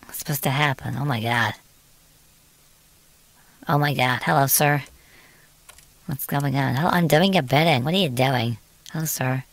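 British lady streaming a game, really deep voice, chatty and muttery. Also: moderate pace, long pauses, no room sound. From Britain. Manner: chatty, exclaiming, muttering to herself. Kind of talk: casual gameplay commentary.

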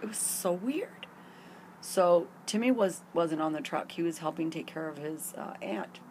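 A woman's voice: on the low side, expressive, measured pace, noisy background. A middle-aged woman telling a long personal story to camera in a rambling, candid way with many fillers, recorded outdoors in a garden. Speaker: vlogger.

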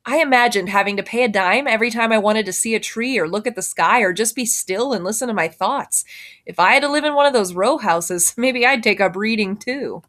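A woman reading a children's novel aloud in a gentle, even storytelling manner. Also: fairly high pitch, fairly quick. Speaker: reader.

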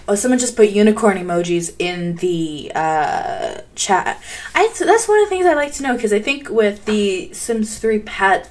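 A young woman reacting live on a stream from her bedroom, giddy and bubbly, talking close to a desk mic. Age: young adult. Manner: giddy, bubbly, breaks into high squeals. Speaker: gaming streamer.

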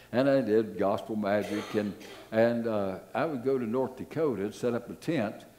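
An older man preaching a sermon as pastor, telling stories with repeated phrases and hesitant fillers. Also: lowish voice. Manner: animated, repetitive, fillers, storytelling.

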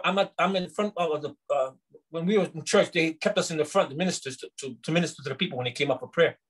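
A middle-aged pastor from New York, telling stories in a fairly high voice. He teaches through personal testimony and acts out the dialogue of each scene. The talk is lively and conversational, like a small-group sermon. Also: slightly rough, rough recording. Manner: animated storyteller, acts out dialogue.

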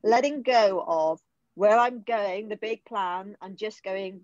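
A middle-aged woman with a British accent, speaking from the heart in an emotional, halting way, pausing and restarting as she opens up. Her voice sits at an ordinary pitch. It comes through a slightly dull, muffled online call with no room echo. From United Kingdom. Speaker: guest. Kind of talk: personal recovery story in conversation.

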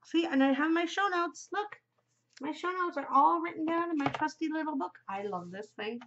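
A woman's voice: high voice, animated, normal speed, fairly bright tone. Chatty, gushing woman podcast host. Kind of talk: casual chat. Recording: muffled lo-fi home recording.

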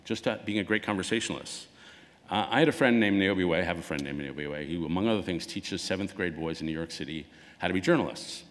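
A man's voice: deep voice, quick pace. A man giving a conversational public talk as an author, acting out quoted dialogue as he goes. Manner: conversational, acts out quoted dialogue with lively swings. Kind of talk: public lecture. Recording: long hall reverb.

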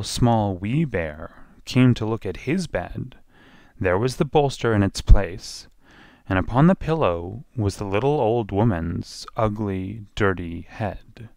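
A man's voice: lowish voice, darkish tone, no echo, clean studio sound. A man narrating a children's storybook expressively, drawing out repeated phrases.

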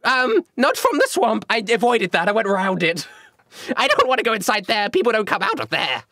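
A man voicing an excitable, pushy little male ice cream seller who speaks in broken English. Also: a little fast, no echo, clean studio sound, heavily acted. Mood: pleading. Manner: broken-English sales pitch, eager and jittery.

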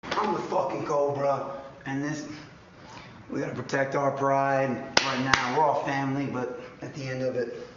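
A hoarse man losing his voice, delivering a brash, boastful pro wrestling trash-talk promo as a reality show contestant. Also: medium pitch, little pitch movement, normal speed, far from the mic. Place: large echoey house interior. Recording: echoey dull livestream audio with faint noise.

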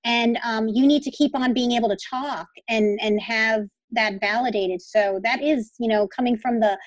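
A woman's voice: on the high side, fairly even intonation, moderate pace, no room sound, low-quality recording. Supportive woman podcast host, dry sound. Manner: supportive, rambling with restarts. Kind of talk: casual interview chat.

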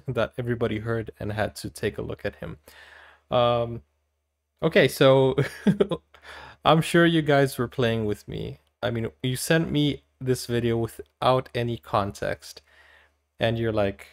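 A man from Brazil, hosting casual movie reaction commentary, chatty and giggly, with animated exclamations. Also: medium pitch, slow, vocal fry.

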